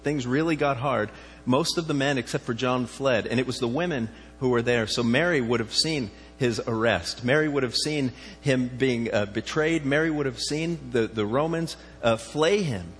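A man's voice: medium pitch, normal speed, faint music behind. A man preaching a sermon, talking in a conversational way and often asking his listeners questions. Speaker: pastor. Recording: reverberant hall with faint mains hum.

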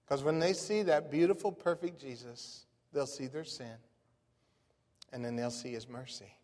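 A man, a pastor preaching a sermon in a folksy, animated storytelling way. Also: medium pitch, normal speed. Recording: long reverb of a large hall.

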